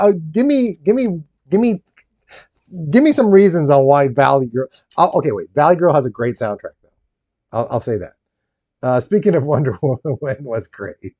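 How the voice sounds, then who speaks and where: Animated, rambling man chatting while building. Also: a little high, no echo, dull audio. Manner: rambling, animated, laughs often, talks to chat. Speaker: streamer building a Lego set. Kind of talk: casual live-stream chat.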